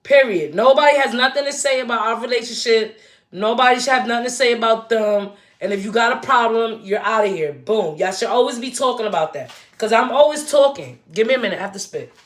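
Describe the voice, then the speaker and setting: A woman's voice: a little high, fairly quick. A woman in her forties, hosting a casual livestream chat, talking straight to her viewers in a chatty, emphatic way. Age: 40s. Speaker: livestream host.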